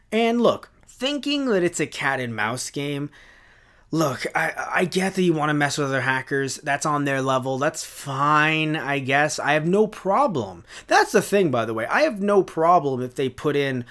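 An exasperated man rants on his channel, his pitch swinging high and low as he hammers home each point. He repeats key words for emphasis and keeps an emphatic, indignant tone throughout. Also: fairly bright tone. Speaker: YouTuber. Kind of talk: ranting commentary.

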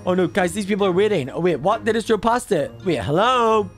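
A man voicing an excitable, cheeky baby boy in game commentary, squealing and talking straight to viewers. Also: high-pitched, a little fast, soft background music. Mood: excited. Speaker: gaming YouTuber.

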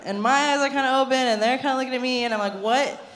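A woman's voice: sits high, very fast, a bit bright. A young adult woman preaching a conversational sermon in a church, chatty and self-deprecating, laughing often. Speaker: pastor. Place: church sanctuary.

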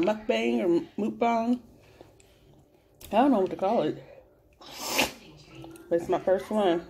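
A woman's voice: lowish voice, mellow. A woman chatting casually into a phone camera while eating, laid-back and laughing often, with faint music behind her. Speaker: mukbang vlogger.

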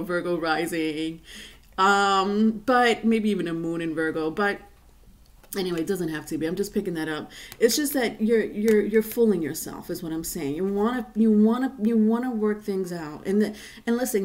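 A woman's voice: mid-range voice, darkish tone. A woman giving a casual tarot reading to viewers, rambling and chatty with many fillers and restarts. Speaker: tarot reader.

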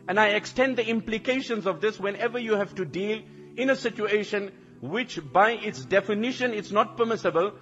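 Man giving a sermon, high voice, repeats himself for emphasis, big hall echo. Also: dull audio. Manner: animated, repeats phrases for emphasis. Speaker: preacher. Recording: long hall reverb, faint music.

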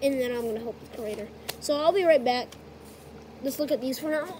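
A woman's voice: high voice, a little fast, warm tone. A woman chatting casually on camera as she shows off a paper craft collection, playful and teasing. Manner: playful, teasing, bursts into silly voices. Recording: noisy home recording.

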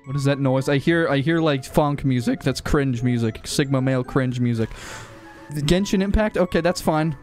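Young male gaming host, excitable and easily startled, with a lively voice that swings a lot. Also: a little high, moderate pace. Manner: excitable, yelps and shrieks when startled. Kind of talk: gameplay commentary. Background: game music and sound effects.

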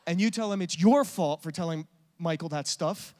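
A man preaching a sermon with passion, swinging from loud urging to hushed, intimate talk. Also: fairly high pitch, moderate pace.

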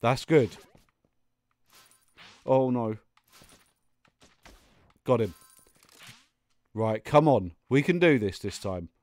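A man's voice: medium pitch, expressive, drawn-out words, long pauses, darkish tone. A young man commentating his own gameplay, muttering and getting exasperated, with sudden outbursts and laughs. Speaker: gaming YouTuber. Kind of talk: let's play commentary.

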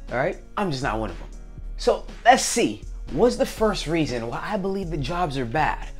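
Animated man talking to camera. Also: on the high side, unhurried, pauses often, faint music behind. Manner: animated, acts out little scenes with different voices. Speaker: vlogger. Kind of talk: casual talk to camera.

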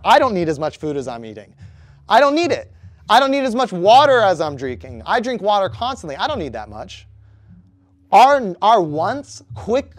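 High-voiced young pastor, dry sound. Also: male voice, no echo. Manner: conversational, asks the room questions. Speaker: youth pastor. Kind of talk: youth sermon.

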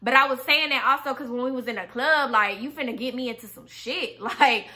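A young woman with a high, bright voice that has a sharp edge. She tells a story straight to camera in a loose, animated way, packing every sentence with "like" and casual swearing. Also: a little fast. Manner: animated, full of "like" fillers and swearing. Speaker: vlogger telling a personal story.

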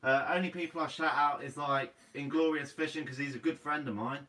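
A young man with a Guernsey accent hosts a relaxed live Q&A, sounding a bit tired and calling everyone "mate". His voice is bright and sits a little high for a man. He talks from some distance off the mic. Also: brisk. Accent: Guernsey English. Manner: laid-back, says "mate" a lot. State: sleepy. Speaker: fishing channel host. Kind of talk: casual live Q&A reading comments.

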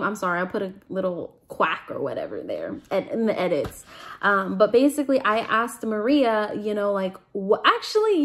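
A young woman vlogger telling a personal story in a chatty, animated way, with dramatic asides. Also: a little high. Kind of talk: casual storytime vlog.

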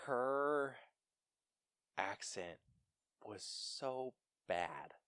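A young man co-hosting a podcast, chatting casually about a film with an animated, stumbling delivery and frequent laughs. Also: mid-range voice, very slow, clean tone, dry recording. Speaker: podcast co-host. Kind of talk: casual film review chat.

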